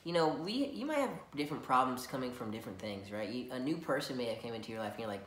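A man's voice: mid-range voice, big pitch swings, quick pace, few pauses, a bit bright, slight background noise. Conversational man in an echoey room. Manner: conversational, with prayerful asides. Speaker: co-host. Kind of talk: casual Bible teaching.

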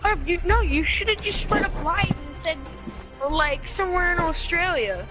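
High-voiced woman gamer, jokey and excitable, music blaring under. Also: rough recording. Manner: excited, joking, quick to react. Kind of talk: casual gaming voice chat.

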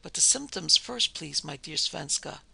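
Male reader as a grave, quiet psychic doctor past forty; gentle, compelling, gravelly tone. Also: on the high side, very animated, moderate pace, no room sound, exaggerated voice. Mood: grave, calm. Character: calm, serious middle-aged male psychic doctor. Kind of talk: classic ghost story reading.

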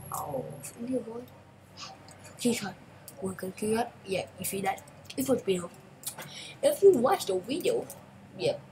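A woman hosting a gaming channel, giving chatty, excitable gameplay commentary in broken English and repeating phrases. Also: a little high, noisy background.

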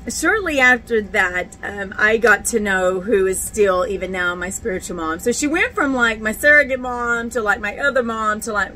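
A woman's voice: fairly high pitch, bright, forceful tone, slight background noise, poor audio. A middle-aged woman, telling her faith testimony in a chatty, candid way with many fillers and restarts. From Texas. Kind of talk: casual personal testimony.

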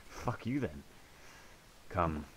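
A man's voice: low voice, fairly bright tone, slight background noise. A man swearing and joking his way through a video game. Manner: sweary, jokey running commentary. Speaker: gamer. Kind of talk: let's play commentary.

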